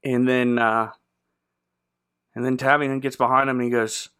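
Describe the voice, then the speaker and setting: A man's voice: mid-range voice, flat delivery, normal speed, pushed and bright, clean tone. A man hosting a casual comedy podcast, rambling sarcastically through a movie recap with fillers and sound effects. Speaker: podcast host.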